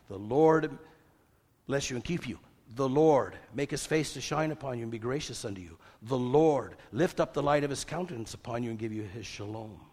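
Older man, preacher, mid-pitched voice, lively rhetorical sermon, long hall echo. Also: breathy edge. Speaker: pastor.

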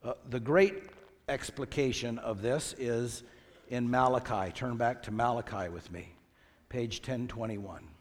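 A man's voice: mid-range voice, measured pace, big-room sound. A man preaching a sermon as pastor, reading scripture aloud with rising emphasis and asking the congregation questions.

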